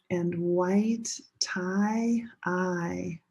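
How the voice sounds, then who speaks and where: A woman's voice: mid-range voice, slow, darkish tone, breathy edge, highs cut off. A woman teaching English pronunciation, patiently modeling each vowel sound and repeating it for learners. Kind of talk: slow, drawn-out classroom instruction.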